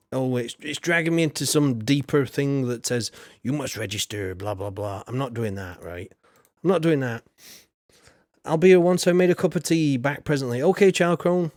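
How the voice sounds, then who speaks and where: A man's voice: mid-range voice, no room sound. A man chats loosely over his gameplay, greeting viewers by name and thinking aloud as he fiddles with settings. His voice sits in a medium register and comes through a close, dry mic with no room sound. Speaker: streamer. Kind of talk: casual gameplay commentary.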